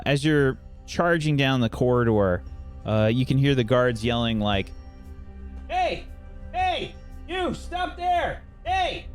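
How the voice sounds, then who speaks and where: A man's voice: medium pitch, clear, resonant tone. A man running a tabletop role-playing game as game master, narrating loosely with many fillers. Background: faint background music.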